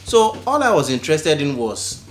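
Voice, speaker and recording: Animated man, swooping pitch. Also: normal speed, reverberant, soft background music. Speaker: podcast co-host. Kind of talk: casual storytelling chat.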